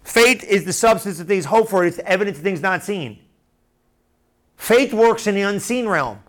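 Animated conversational male preacher, high voice. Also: moderate pace. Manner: conversational, animated, repeats and restarts phrases, asks the room questions. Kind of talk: sermon.

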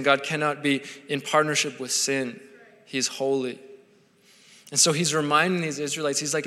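A man's voice: medium pitch, sharp tone. A man preaching a sermon in an earnest way, building to impassioned pleading. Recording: long hall reverb.

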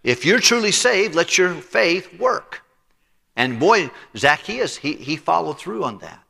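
Preaching pastor with a bright voice. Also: male voice, a little high, very animated, measured pace, gravelly, husky. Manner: preaching with voiced characters and congregational read-alongs. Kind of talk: sermon. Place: church sanctuary. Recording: reverberant church sanctuary.

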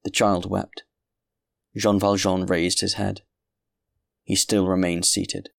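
Deep, gravelly male narrator. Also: little pitch movement, fairly bright tone, dry recording, studio quality. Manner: measured, grave literary reading. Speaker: audiobook narrator. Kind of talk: scripted narration.

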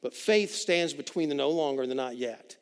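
A man preaching a sermon as pastor, swinging between loud emphatic lines and hushed quiet ones. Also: a little high, fairly quick, clean tone. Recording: reverberant hall.

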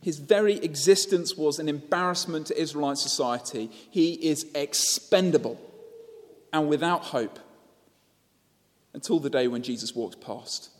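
A man's voice: a little high, a little slow, in a large hall. A man preaching a sermon, telling the story and asking rhetorical questions.

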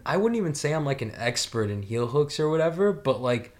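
A man's voice: a little high, very animated, a little fast, a little mellow. A young man in casual chat on a podcast, rambling with many fillers and swearing freely.

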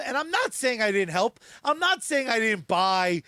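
High, bright-voiced excitable man. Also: measured pace, hardly any pauses, dry recording. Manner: excitable, jokey, bursts of shouting. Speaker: podcast co-host. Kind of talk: casual chat and sponsor reads.

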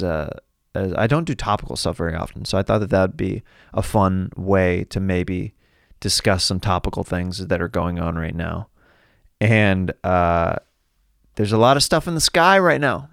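Rambling joking podcast host, smooth voice. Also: male voice, lowish voice, no room sound, studio quality. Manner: rambling, joking, laughs often. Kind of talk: casual comedy podcast chat.

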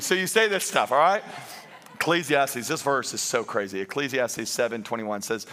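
A man preaching a sermon to a congregation in church, telling lively stories with jokes at his own expense. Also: medium pitch, moderate pace. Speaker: pastor.

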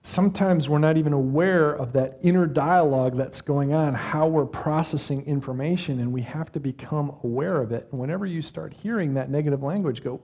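A middle-aged man preaching a sermon in a conversational style, with dramatic pauses and moments of acted self-talk. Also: a little high, a little mellow. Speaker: pastor.

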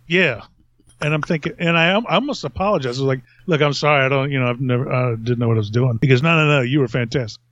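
A male podcast host with a mid-range, slightly bright voice talks at a quick pace, rambling through a long story and chuckling often. No room sound is audible, and the audio is dull lo-fi.

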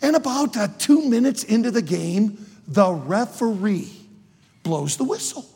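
Animated preacher man in a reverberant hall. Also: sits high, a little slow, breathy edge. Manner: emphatic, animated preaching with sudden loud outbursts. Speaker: preacher and college teacher. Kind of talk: sermon to students.

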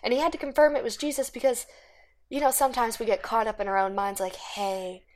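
A woman's voice: on the high side, fairly even intonation, a little fast. Chatty woman rambling through a Bible lesson. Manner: rambling, chatty, says "right?" often. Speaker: Bible study speaker. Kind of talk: casual Bible teaching.

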